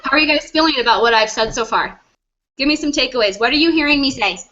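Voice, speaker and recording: A woman's voice: sits high, expressive, fast talker, pushed and bright, highs cut off, slight background noise. A woman leading a motivational group coaching session, asking her team many questions over a video call.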